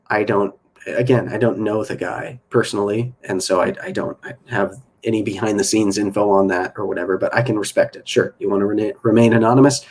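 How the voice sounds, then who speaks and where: A man's voice: lowish voice, a little mellow, husky. A man hosting his own podcast, talking alone in a casual, opinionated and rambling way with many fillers and restarts. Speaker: podcast host. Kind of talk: casual solo podcast monologue.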